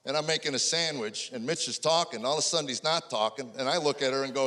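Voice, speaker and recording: A man in his sixties performing a fast stand-up routine, telling stories and acting out his wife's lines. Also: medium pitch. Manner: rapid-fire storytelling, mimics wife in dialogue. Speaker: stand-up comedian. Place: comedy stage before a live audience. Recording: crowd laughter and faint noise.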